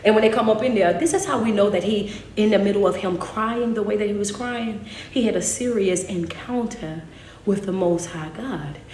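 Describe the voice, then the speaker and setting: A woman motivational speaker preaching in an animated, emotional way and laughing often. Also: mid-range voice, normal speed, reverberant, slight background noise.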